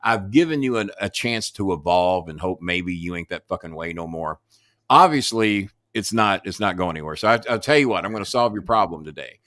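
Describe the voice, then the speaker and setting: A man's voice: deep voice, expressive, fairly quick, a bit bright, no echo, clean studio sound. An older man from the Southern United States, a guest telling stories in a blunt, profane, casual way. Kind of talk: casual storytelling chat.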